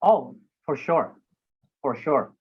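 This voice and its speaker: A man, a public speaking coach, talking casually in an interview and acting out moments with sudden loud exclamations. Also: mid-range voice, lively intonation, slow pace, husky, dull audio.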